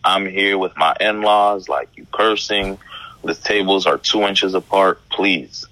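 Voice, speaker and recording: A man speaking as a guest in casual conversation, calm and reflective, with some slang. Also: deep voice, unhurried, dry recording, low-quality recording.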